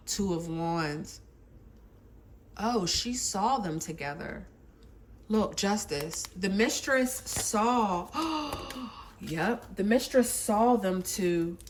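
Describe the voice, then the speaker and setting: A woman's voice: medium pitch, slow. A woman giving a casual tarot reading, telling a love-triangle story in a dramatic, gossipy, profane way. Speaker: tarot reader.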